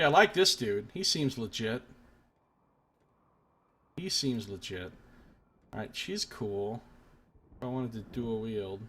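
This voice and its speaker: A man's voice: mid-range voice, fairly bright tone. A young man hosting a game stream, musing aloud in casual, half-mumbled commentary. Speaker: let's play host.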